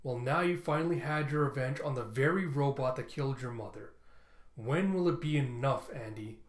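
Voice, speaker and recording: Man reading as a pressing, earnest young woman, mid-pitched, roomy echo. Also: normal speed, lightly acted.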